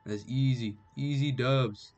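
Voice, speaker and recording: A young man streaming gameplay, chatting casually and trash-talking enemies with sudden yells. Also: mid-range voice, takes it slowly, highs cut off, faint music behind. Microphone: headphones with mic.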